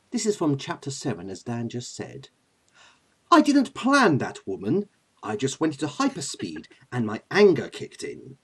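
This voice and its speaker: A man voicing a vain, smug male trickster god with an English accent, speaking low and smooth. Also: darkish tone, full character voice. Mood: reading. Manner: low, smooth, self-satisfied.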